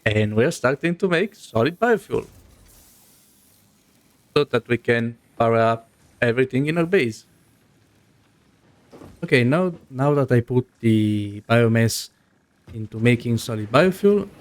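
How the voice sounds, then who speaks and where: A young man, not a native English speaker, giving casual gameplay commentary and thinking aloud with many fillers. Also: mid-range voice. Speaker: gaming video host.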